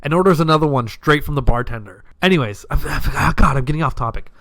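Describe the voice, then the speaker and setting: A man's voice: on the high side, expressive, fast talker, a bit bright, no room sound. A young man hosting a podcast, telling a casual story in a rambling way, swearing freely and acting out what his friends said. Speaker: podcast host.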